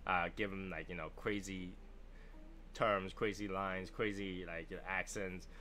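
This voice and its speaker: A man's voice: deep voice, steady tone, a little slow, pushed and bright, a little hiss or hum. A man with a Chinese accent hosting a casual cigar livestream, chatty and joking as he answers viewers. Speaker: livestream host reviewing cigars. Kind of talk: casual live chat.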